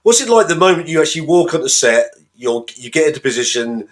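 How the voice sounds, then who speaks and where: A man's voice: on the high side, very animated, quick pace. A male podcast host who asks the guest long, repeating questions. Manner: repeats himself while asking questions. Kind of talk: casual chat.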